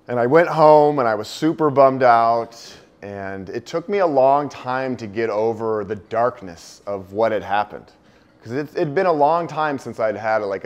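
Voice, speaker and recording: Man, heartfelt talk, earnest, mid-pitched voice, trails off soft and low when sad, live audience setting. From United States. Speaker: speaker giving a talk. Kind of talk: emotional personal storytelling to an audience. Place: indoor venue with a live audience.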